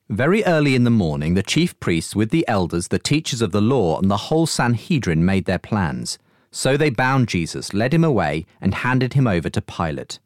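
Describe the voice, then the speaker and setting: A man reading scripture aloud in a measured, expressive way. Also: on the low side, no echo, studio quality. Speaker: scripture reader.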